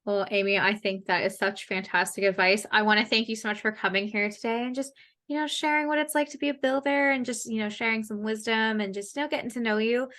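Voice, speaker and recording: A woman's voice: on the high side, steady tone, quick pace, bright, forceful tone. Chatty, swearing Canadian woman host. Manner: chatty, swears freely, laughs often. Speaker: podcast host. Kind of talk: casual podcast interview.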